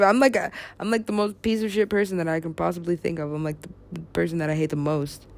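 A woman's voice: lowish voice, steady tone, fast, few pauses, a little mellow, no room sound. A young woman rambling to herself in a loose, profane way, now and then dropping into a whisper. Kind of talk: rambling solo talk.

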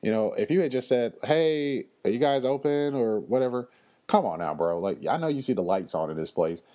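A man hosting a podcast, telling stories in a casual, animated and blunt way, with lots of fillers and slang. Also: on the low side. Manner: frequent fillers and pauses. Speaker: podcast host. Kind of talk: casual chat.

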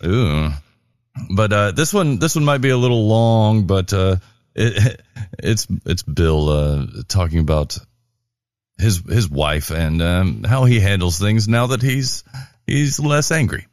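Very deep-voiced laid-back podcast host. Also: male voice, lively intonation, slow, a little mellow, no room sound, studio quality. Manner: laid-back, filler-heavy, joking. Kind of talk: casual podcast chat.

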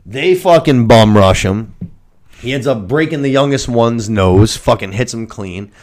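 Animated, swearing podcast co-host. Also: male voice, medium pitch, a little slow. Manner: animated, profane storyteller. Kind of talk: casual recap of a TV episode.

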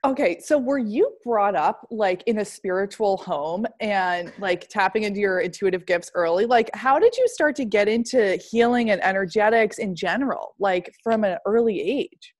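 A woman's voice: mid-range voice, animated, moderate pace, hardly any pauses. A woman hosting a podcast who asks questions in a chatty way, often saying "like". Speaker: podcast host. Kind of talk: casual podcast interview.

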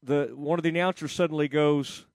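A man's voice: medium pitch, a little slow, dry recording, clean studio sound. A man hosting a casual sports talk show, rambling with frequent fillers and restarts. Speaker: sports radio host.

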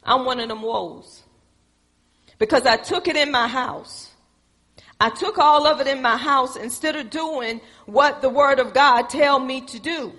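A high-voiced woman preaches with a husky edge. She tells homely stories and calls on the congregation, her voice ringing out in a hall with a long reverb. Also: unhurried, fairly bright tone. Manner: call-and-response preaching, folksy storytelling. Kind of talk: sermon.

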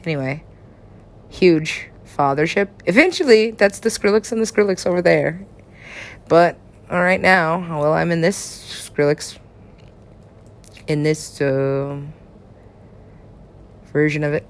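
A woman talking in rambling casual chat, laughing often, swearing freely and swinging her pitch up and down. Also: slow, long pauses. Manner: rambling, frequent laughter, profane asides, big swings in pitch.

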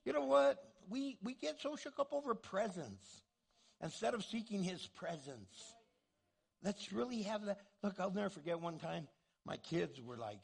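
A man preaches with big swings of pitch, his voice riding high and turning gravelly. He acts out the voices he quotes as he goes. There is a husky, breathy grain in his tone. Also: lively intonation, moderate pace. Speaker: pastor. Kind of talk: sermon.

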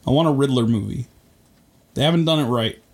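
A man's voice: mid-range voice, fairly quick, a little mellow. A man co-hosting a podcast, casually riffing on a movie with jokes and pop-culture tangents. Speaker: podcast co-host. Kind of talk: casual chat recapping a movie.

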